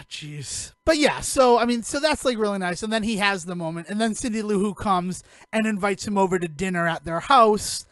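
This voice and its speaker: High-voiced man rambling about a movie. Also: moderate pace, dry recording, studio quality. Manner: rambling, animated retelling with acted quotes. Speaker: podcast co-host. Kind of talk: casual movie review chat.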